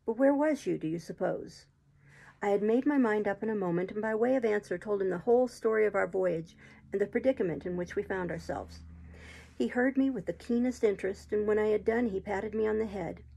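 A woman reading a classic adventure novel aloud as an audiobook in a steady, unhurried storytelling manner. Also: mid-range voice, vocal fry, breathy edge, rough recording. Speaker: audiobook reader.

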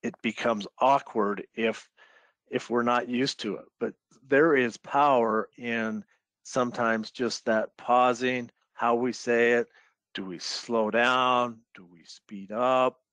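Slow, measured male webinar moderator. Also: medium pitch, fairly even intonation, fairly bright tone, dry recording. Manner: measured, summarizing, hands questions to panelists. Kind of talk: business webinar discussion. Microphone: video call.

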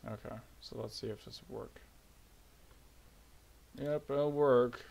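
A young man casually narrating his own game project, rambling with bursts of high-pitched glee. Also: expressive, slow pace, vocal fry, long pauses, darkish tone. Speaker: hobby game developer. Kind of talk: casual screen-recorded devlog.

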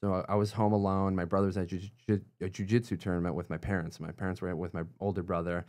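A young man telling a story as a podcast guest, animated, with many fillers and quotes acted out in a much higher voice. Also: quick pace. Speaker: guest, YouTuber. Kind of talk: casual storytelling interview.

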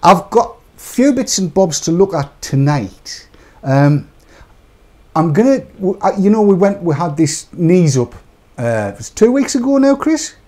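Chatty man, mellow. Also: high-pitched, sing-song, unhurried. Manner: chatty, joking, rambling off the cuff. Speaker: host of a live vaping product show. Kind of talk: casual live-stream chat.

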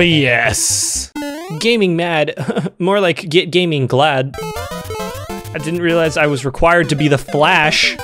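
A young man giving comedic, sarcastic commentary while playing a level, breaking into loud exasperated outbursts. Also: on the high side, sing-song, a little slow. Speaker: gaming YouTuber. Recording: game music under voice. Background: background music.

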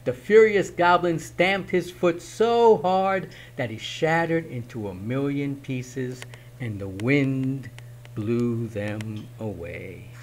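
A man reading a picture book aloud in a slow, expressive storytelling manner. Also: medium pitch, a little hiss or hum. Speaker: reader.

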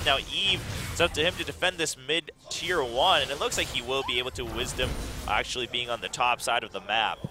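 A man casting a video game match, playing by play and getting much louder and higher when fights break out. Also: a little fast, hardly any pauses, noisy background. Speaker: esports caster. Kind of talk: play-by-play commentary.

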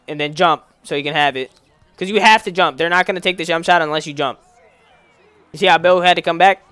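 Bright-voiced young man giving game tips. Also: high voice, clean tone, no echo. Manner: excited, slangy, talks to the game as he plays. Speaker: gaming YouTuber. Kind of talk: casual gameplay commentary.

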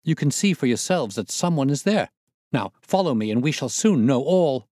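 A man's voice: fairly low pitch, lively intonation, normal speed, a little mellow, dry recording, studio quality. A man voicing an agitated Victorian husband in an audiobook reading, urgent and raised. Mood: forceful.

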